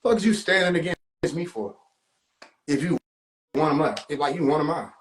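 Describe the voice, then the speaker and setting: A young man with a high voice rants on a phone livestream, laughing often and cursing freely. His voice rings around an echoey room. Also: moderate pace, slight background noise. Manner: animated, laughing often, profane slang. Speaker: livestream host. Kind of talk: casual livestream rant.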